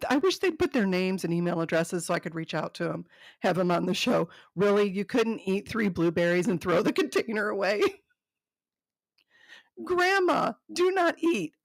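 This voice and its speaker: Amused woman with a gravelly, lively voice. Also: fairly low pitch, brisk, dry recording. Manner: amused, laughing often; dry commentary between readings. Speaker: host. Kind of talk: casual reading of funny notes.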